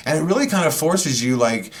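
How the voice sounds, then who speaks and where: A man on a podcast as the guest, telling stories in a loose, animated way, full of slang and swearing. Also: on the high side, brisk. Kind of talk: casual storytelling.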